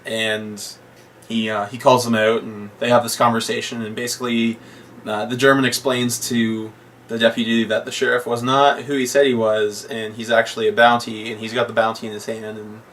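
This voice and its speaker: A man's voice: medium pitch, little pitch movement, normal speed, fairly bright tone. A young man chats through a film's plot in a casual, rambling way, jumping into silly character voices. He sits a little back from the mic, and a faint hiss runs under the recording. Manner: rambling retelling, quoting characters in voices, laughs often. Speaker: podcast co-host. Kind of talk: casual movie review chat. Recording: distant mic with faint noise.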